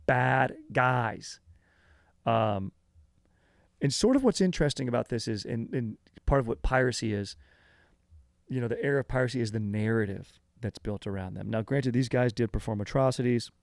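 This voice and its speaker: A man's voice: mid-range voice, normal speed, vocal fry, no room sound, clean studio sound. A man hosting a comedy history podcast, talking loosely and rambling with lots of fillers and casual slang.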